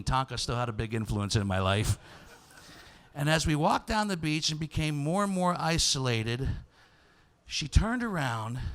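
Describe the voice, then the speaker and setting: A male podcast host telling a comic story live on stage, swinging from loud shouts to hushed asides. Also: mid-range voice, gravelly. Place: live stage before an audience.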